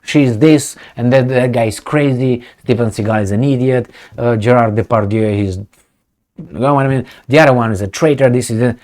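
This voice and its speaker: A man's voice: medium pitch, fairly quick, few pauses, darkish tone. A man giving casual solo commentary, talking in a conversational, digressive way and asking questions as he goes.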